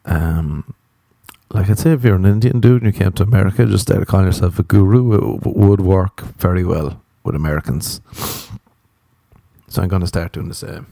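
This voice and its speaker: Gravelly young Irish guy rambling. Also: deep voice, normal speed, warm tone, no room sound. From Ireland. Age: 20s. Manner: profane, self-mocking, wandering asides. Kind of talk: rambling solo comedic chat.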